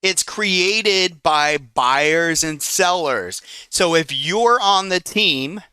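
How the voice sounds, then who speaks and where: An eager man in his forties leads a live trading session. His voice is bright and forceful, clean and smooth, recorded close and dry. He talks in a chatty, excitable way and keeps breaking off to handle trades. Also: on the high side, extremely slow, no room sound. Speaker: trading educator. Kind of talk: live trading room teaching.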